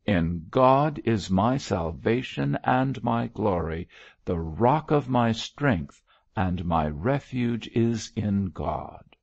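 Older bishop, grave and stately, lamenting, read by a male audiobook narrator; slow, gravelly. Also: fairly low pitch, expressive, no echo, dull audio, pitched above the performer's own voice, heavily acted. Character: anguished older male bishop, grey-haired.

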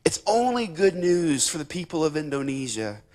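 A man's voice: a little high, sing-song, moderate pace, a little mellow. Fervent man preaching a sermon. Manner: emphatic, repeats key words, rises in fervor. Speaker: guest preacher, missionary. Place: church sanctuary.

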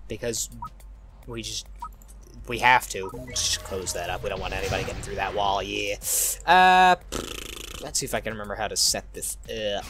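A man giving jokey, animated let's-play commentary, exclaiming at the game, with faint game music behind. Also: lowish voice, normal speed.

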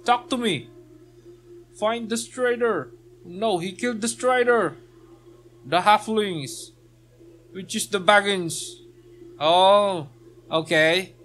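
Bright-voiced man doing easygoing gameplay commentary. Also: high voice, takes it slowly, long pauses, faint music behind. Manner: reads quest text aloud, joking and laughing. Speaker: let's play gamer.

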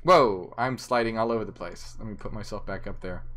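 A man's voice: fairly low pitch, a little fast, a bit bright. A drunk man hosting a livestream, slurring and giggling as he rambles and reads out viewer comments. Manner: giggly, slurring, easily flustered. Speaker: livestream host. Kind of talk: rambling live chat, reading out viewer comments. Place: indoors, chilly room.

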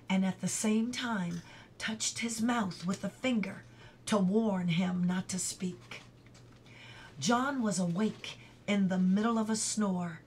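A woman reads a chapter book aloud at a very slow, deliberate pace. She shapes her voice to the story and sometimes lowers it to a whisper. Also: a little hiss or hum. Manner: slow, careful, drops to a whisper for quiet moments. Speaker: reader.

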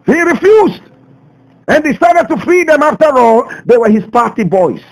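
A Ghanaian man hosting a radio show, delivering a passionate commentary full of rhetorical questions, swinging between loud outbursts and low asides. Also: very animated, moderate pace, creaky, poor audio. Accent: Ghanaian English. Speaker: radio host. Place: radio studio.

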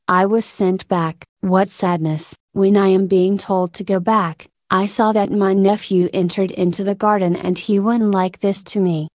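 A woman's voice: mid-range voice, a little mellow, no room sound, studio quality. A woman speaking earnestly as she gives a religious testimony to a congregation, addressing them as brothers and sisters.

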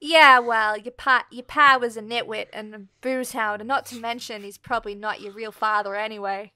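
A woman doing a deadpan murderous mum, mock-American. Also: a little high, normal speed. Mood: nonchalant. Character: cold-blooded mother who killed her husband.

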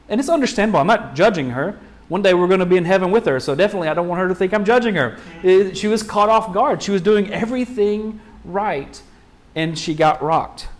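A male pastor delivers a sermon in a conversational style, his pitch a little high. He fills it with rhetorical questions and quick restarts.

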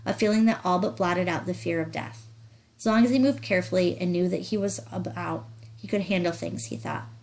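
A woman reader gives measured, steady literary audiobook narration. Her voice sits a little low and unhurried through the prose. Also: rough recording. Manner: measured, even reading of descriptive prose.

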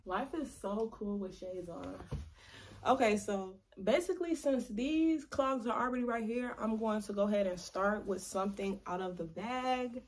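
A woman's voice: mid-range voice, moderate pace. A young adult woman chatting to camera in a casual vlog, playful and chatty, drawing out words for emphasis. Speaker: vlogger.

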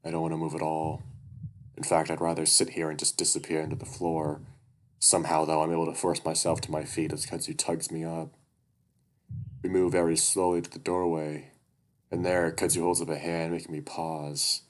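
A man narrating a first-person story aloud in a quiet, steady way. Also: rumbling low, moderate pace.

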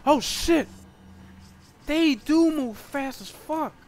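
A man doing live gameplay commentary as a streamer, excitable and swearing as he yells at the game. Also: very high-pitched, slow. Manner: excitable, cursing and yelling at the game. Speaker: gaming streamer.

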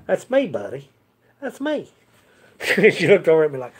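High-voiced man chatting between songs. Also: huge pitch swings, moderate pace, slightly rough. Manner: folksy and laughing, chatty asides. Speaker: host of a live music stream. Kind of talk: casual chat with viewers between songs. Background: his own acoustic guitar.

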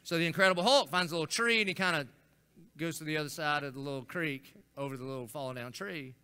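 A middle-aged man, preaching a folksy, animated storytelling sermon as a senior pastor. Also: on the high side, quick pace, smooth. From Florida. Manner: folksy, animated storytelling with acted-out quotes and rising intensity.

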